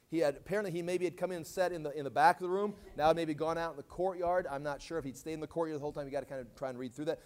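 A man teaching a sermon verse by verse, casually explaining and acting out quoted lines in dramatic voices. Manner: animated, acts out quoted lines with big swings in pitch and volume. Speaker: Bible teacher. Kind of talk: expository sermon.

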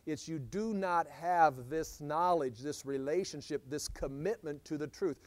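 A man leads a Bible study, his voice sitting a little high for a man and sounding close and dry. He teaches in an animated, conversational way, stumbling and restarting as he works through a verse. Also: measured pace, no echo. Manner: animated, acts out scripture quotes, frequent restarts.

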